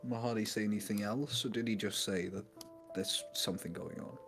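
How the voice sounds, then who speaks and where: A man's voice: fairly low pitch, fairly quick. Rambling male tabletop player. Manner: casual, rambling with fillers. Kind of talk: casual tabletop game play over an online call. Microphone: home mic on an online call. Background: background music.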